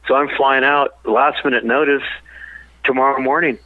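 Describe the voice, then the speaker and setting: A man, a songwriter and business partner, telling rambling, animated stories in a phone-in interview. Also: mid-range voice, moderate pace, no room sound. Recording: tinny phone line.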